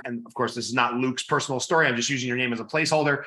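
A man who works as a loan officer, a guest on a podcast, telling stories and acting out sample calls with clients in a lively, casual way. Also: medium pitch, very fast, few pauses, echoey room. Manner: animated storyteller acting out phone calls. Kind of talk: casual interview chat.

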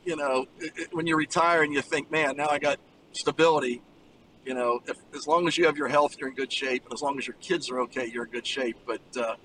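A man in his sixties, a former college basketball player, telling animated stories over the phone from a moving car. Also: medium pitch, brisk, recorded from a distance, slight background noise, low-quality recording. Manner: animated anecdote teller, acts out voices. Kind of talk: casual storytelling by phone.

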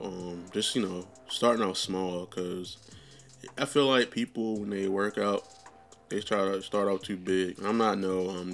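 A young man with a somewhat low voice talks loosely on his podcast, drifting from thought to thought with plenty of ums and casual swearing. Soft music plays faintly in the background. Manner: rambling, loose and profane, full of fillers. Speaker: podcast host. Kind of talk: casual chat.

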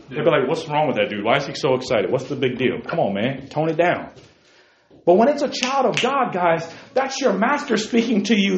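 Animated male pastor with a high voice, roomy echo, dull recording. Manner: animated, calls out to listeners by name, swings from low asides to shouts. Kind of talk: sermon. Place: church sanctuary.

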